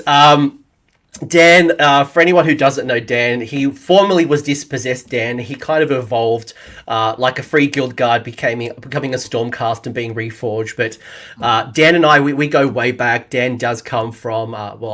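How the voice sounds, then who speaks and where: An Australian man hosts a relaxed conversation, mid-pitched and even. He banters and jokes easily, with the odd "uh" along the way. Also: moderate pace. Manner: chatty, jokey banter with fillers. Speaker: podcast host and coach. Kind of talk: casual chat.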